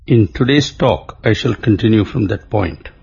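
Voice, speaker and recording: A man narrating an epic story in a measured, formal scripted talk. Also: on the low side, animated, gravelly, darkish tone, breathy edge. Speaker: narrator of a spiritual radio talk. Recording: dull lo-fi recording.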